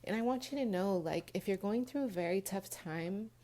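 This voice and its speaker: A woman giving a pick-a-card tarot reading, earnest and emotional, talking straight to her viewers with many pauses and restarts. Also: medium pitch, dark tone. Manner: earnest, emotional, addresses viewers as "you guys"; frequent restarts and fillers, pauses mid-thought. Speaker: tarot reader.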